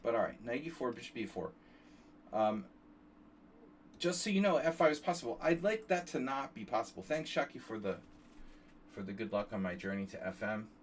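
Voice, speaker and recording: A man talking through a chess game on a stream in a loose, rambling way, with casual swearing. His voice sits a little back from the mic, with a faint hiss behind him. His pitch is average for a man. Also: expressive, normal speed, pauses often, far from the mic. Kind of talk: casual live-stream commentary.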